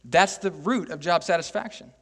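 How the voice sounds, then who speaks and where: A man's voice: on the high side, normal speed, fairly bright tone. A male pastor from Texas giving a chatty, self-mocking sermon, often tossing "right?" to the congregation. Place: church sanctuary. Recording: echoey church hall.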